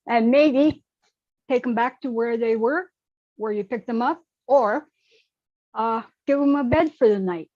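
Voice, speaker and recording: A woman's voice: on the high side, a little slow, darkish tone, no echo. A blunt, outspoken woman on an online call, giving frank opinions. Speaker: panelist. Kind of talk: casual online chat. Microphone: video call. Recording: dull lo-fi call audio.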